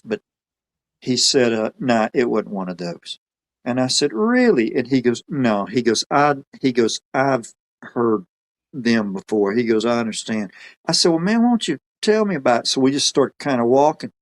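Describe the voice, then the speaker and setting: Appearing on a podcast, an Alabama man spins a casual yarn at a slightly slow pace in a medium-pitched voice. He wanders through the tale in a folksy way, voicing other people's words himself as he goes.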